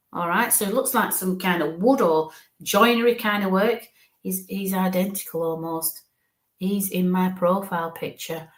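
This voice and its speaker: A woman, a psychic medium giving a live-streamed reading in an affectionate, reassuring, chatty way. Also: medium pitch. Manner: warm, affectionate, talks in quick asides. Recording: echoey room.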